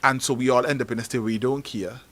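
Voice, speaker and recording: A man from Antigua with an Antiguan accent, telling stories on a talk show in an animated, emphatic way. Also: mid-range voice, fast talker. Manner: animated storytelling, rising to emphatic peaks. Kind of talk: casual talk show discussion.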